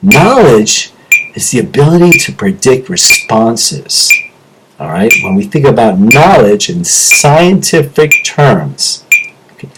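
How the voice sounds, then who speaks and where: A man's voice: medium pitch, very noisy. A middle-aged man hosting his own video, talking to camera in an impassioned, rambling monologue that jumps from topic to topic. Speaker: self-improvement video host. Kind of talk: animated solo monologue to camera.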